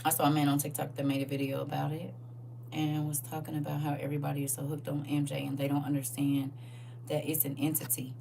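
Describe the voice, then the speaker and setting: A woman's voice: sits low, quick pace, vocal fry, recorded from a distance, slight background noise. A middle-aged woman hosting a live stream, chatting casually and laughing a lot. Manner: animated, laughing, exclaiming. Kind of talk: casual chat.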